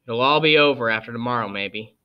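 A man's voice: mid-range voice, a little fast, clean tone, highs cut off, natural voice. A man voicing a serious, protective teenage boy who speaks bluntly.

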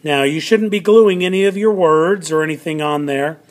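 A man's voice: fairly high pitch, moderate pace. A man teaching a classroom lesson on video, patient and explaining step by step, repeating key words for emphasis.

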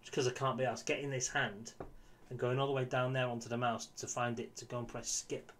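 A man's voice: mid-range voice, level tone, a little fast, fairly bright tone, a little hiss or hum. A man giving casual, exasperated commentary on his football management game, swearing and talking to his viewers. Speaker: gaming YouTuber.

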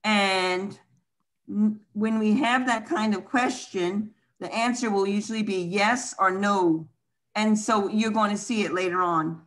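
A woman's voice: mid-range voice, unhurried, fairly bright tone. A woman leads an online language lesson. She explains each point patiently and step by step, and her voice comes through a video call. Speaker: language teacher.

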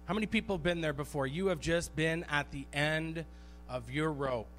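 A man preaching a sermon as pastor in a church, animated and storytelling, repeating phrases for emphasis. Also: fairly high pitch, normal speed, a little hiss or hum. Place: church sanctuary.

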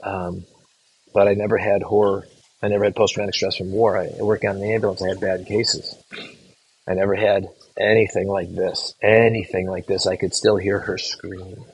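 A middle-aged man, a physician assistant educator, telling a case story to students in an earnest, halting way with restarted words. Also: low voice, level tone, husky, poor audio.

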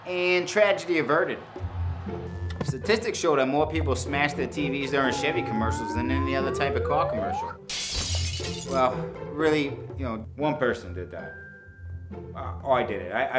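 A brash, foul-mouthed man with a thick Boston accent delivers a comedy sales pitch. His pitch climbs and swings all over the place, and music plays clearly underneath him. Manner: brash, crude and boastful. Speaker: inventor pitching to investors.

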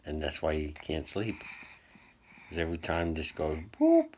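A sick father talking softly and dotingly to his baby in a home video, recorded indoors on a phone, often dropping to a hush. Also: rumbling low, huge pitch swings, measured pace, a little hiss or hum. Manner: soft, doting baby talk, often hushed. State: sick, with a cough. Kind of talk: casual home video talk. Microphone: phone camera.

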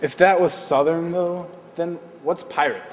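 A man's voice: fairly high pitch, fairly even intonation, measured pace. Exasperated young man, distant echoey sound. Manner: exasperated, incredulous questioning. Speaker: comedy sketch performer. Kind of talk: comedy sketch banter. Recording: echoey room from a distance, noisy.

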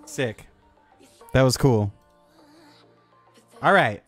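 A man's voice: medium pitch, brisk, dry recording, faint music behind. Chatty male streamer, dry close mic. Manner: upbeat, chatty, talking to viewers. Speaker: live streamer. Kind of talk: casual live-stream chat.

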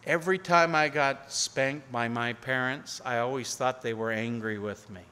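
A man preaching a sermon as pastor, earnestly, rising to pleading appeals and falling to near-hushed tones. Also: medium pitch, moderate pace, smooth. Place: church sanctuary. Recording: long hall reverb.

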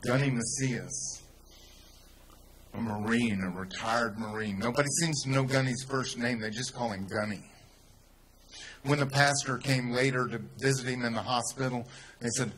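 A man with a Texan accent telling a story in a speech to a crowd, rising to loud, emphatic peaks. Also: medium pitch, normal speed, slight background noise. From Texas. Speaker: speaker at a rally.

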